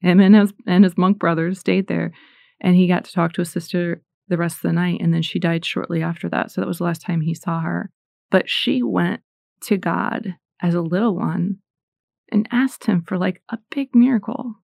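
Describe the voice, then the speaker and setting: A woman's voice: fairly low pitch, steady tone, normal speed, creaky, a little mellow, dry recording, studio quality. A middle-aged woman from the United States giving a casual, earnest faith talk, chatty and full of fillers. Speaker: Christian speaker.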